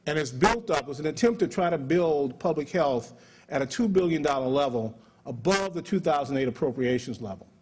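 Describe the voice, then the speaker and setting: A man's voice: a little high, animated, brisk, husky. A man with an American accent giving a conference speech on public health, talking in a conversational lecturing way with many fillers and restarts.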